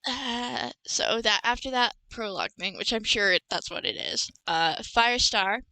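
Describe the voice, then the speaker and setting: A young woman hosts a casual podcast, retelling a book's plot with lots of restarts and little giggles. Her voice is bright and smooth, and the sound is dry and close. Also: on the high side, moderate pace, no echo, low-quality recording. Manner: rambling, self-correcting, giggly. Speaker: podcast host. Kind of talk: casual book recap chat.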